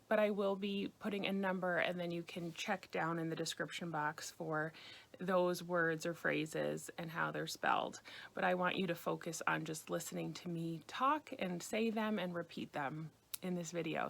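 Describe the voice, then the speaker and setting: An American woman teaching beginners a language lesson, patiently repeating phrases slowly. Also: mid-range voice, gravelly, a bit bright. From United States. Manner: patient, slow repetition of phrases. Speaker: French teacher.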